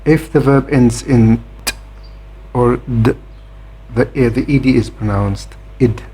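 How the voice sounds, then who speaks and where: A man explaining a grammar lesson in a measured way, pausing often with "uh" between points. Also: medium pitch, warm tone, husky. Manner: measured, with frequent "uh" hesitations. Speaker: grammar teacher.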